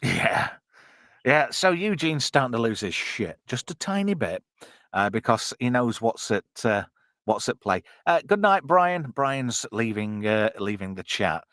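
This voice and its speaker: A man's voice: mid-range voice, very animated, measured pace, fairly bright tone, no echo, studio quality. A man hosting a casual, jokey live-stream commentary on a film. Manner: chatty, jokey, puts on silly voices. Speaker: podcast co-host.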